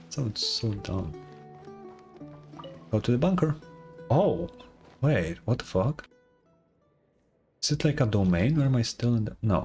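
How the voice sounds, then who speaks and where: Guy streaming a game, swears a lot, kinda high voice that jumps around, faint music. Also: a little mellow, husky. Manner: swearing, laughing, blunt reactions. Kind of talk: casual game commentary.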